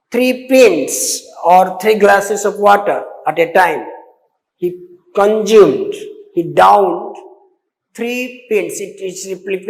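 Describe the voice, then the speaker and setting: A man teaching an English exam-prep lesson, explaining slowly with many repeats and fillers and spelling out words letter by letter. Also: sits high. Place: classroom. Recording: echoey room with long reverb.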